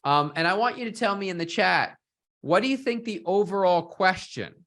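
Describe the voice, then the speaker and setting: A man's voice: high voice, expressive, moderate pace, fairly bright tone. A man teaching an online workshop, asking questions of his audience and often tagging sentences with "right?". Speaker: workshop instructor.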